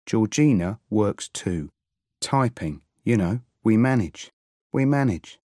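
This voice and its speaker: A man's voice: lowish voice, animated, takes it slowly, mellow, dry recording, studio quality. A polite young newlywed man, read by a male narrator.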